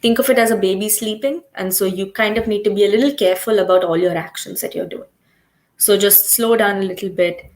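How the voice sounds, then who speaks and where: Young woman calmly teaching panic-attack first aid. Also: medium pitch, fairly quick. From India. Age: young adult. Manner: calm, instructive, acts out example phrases. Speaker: guest speaker on mental health. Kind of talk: webinar talk.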